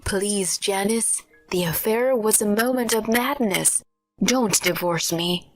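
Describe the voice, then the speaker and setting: A woman's voice: medium pitch, takes it slowly, dry recording, faint music behind. A woman voicing a cornered husband who begs his wife not to leave. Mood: pleading. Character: cheating husband, desperate and pleading.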